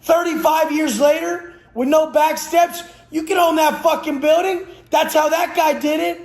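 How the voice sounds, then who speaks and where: A man's voice: very high voice, fairly even intonation, normal speed, gravelly, few pauses, a little mellow. A man who trains people for a living, giving a blunt, profane motivational rant with aggressive, preachy force. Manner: blunt, aggressive, heavy swearing. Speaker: fitness trainer. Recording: roomy echo.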